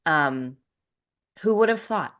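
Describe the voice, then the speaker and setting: A woman's voice: low voice, lively intonation, slow pace, a bit bright. Teasing woman podcast co-host. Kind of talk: casual chat.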